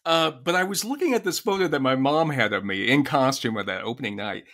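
A man's voice: mid-range voice, expressive, fairly quick, fairly bright tone. A man in his fifties co-hosting a casual podcast, chatty and laughing easily as he tells stories. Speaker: podcast co-host. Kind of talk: casual chat.

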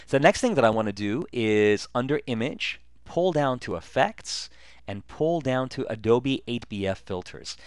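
A man narrating a relaxed, step-by-step screen-recorded software tutorial, with frequent ums and uhs. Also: mid-range voice, normal speed, clear, resonant tone, no room sound, studio quality.

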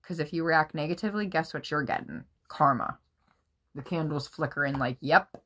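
An excitable woman does a casual tarot reading for her viewers. Her voice sits a little low but sounds bright and forceful, and she swears freely and often bursts out laughing. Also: moderate pace. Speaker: tarot reader.

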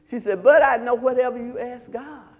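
A male pastor preaching a sermon, pausing to quiz his congregation in call-and-response. His voice sits high and he takes his time. The sound carries the long reverb of a church hall. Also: a little mellow.

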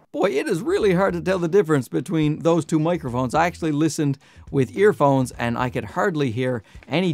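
A man's voice: fairly high pitch, no echo. Chatty nasal man reviewing gear, lapel mic. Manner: chatty, joking, loud at times. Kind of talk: casual product review. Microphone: clip-on lapel mic.

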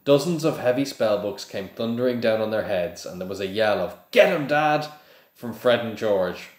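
A man with a low voice reads a novel aloud in a plain, steady way. He now and then trips over a word and restarts. The room adds a noticeable echo. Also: moderate pace. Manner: plain, steady reading with small slips. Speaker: reader of a book to listeners. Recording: echoey room.

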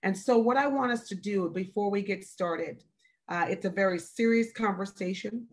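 A woman in her forties, a wellness speaker hosting a live stream, talking slowly and deliberately, with emphatic repeated phrases. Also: mid-range voice. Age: 40s. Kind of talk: earnest, deliberate talk. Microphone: video call or live stream.

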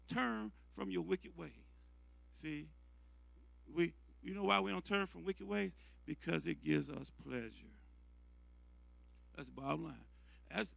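A man's voice: sits high, gravelly, a bit bright, slightly rough, dry recording. A middle-aged man preaching a sermon in a conversational way, repeating and restarting his phrases.

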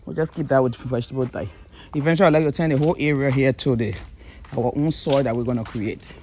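A woman's voice: fast talker, a little hiss or hum. A woman, chatting casually to the camera at her home and yard as a vlogger. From Liberia. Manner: chatty, talks to camera and to kids and dogs, lively swings up into high scolding. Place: outdoors at a home yard and kitchen.

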